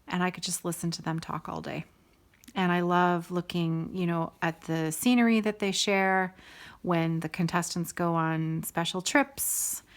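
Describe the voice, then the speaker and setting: A middle-aged woman hosting a casual stitching video, chatting to viewers in a rambling, enthusiastic way full of sidebars. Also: on the low side. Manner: warm and enthusiastic. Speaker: host of a stitching video show.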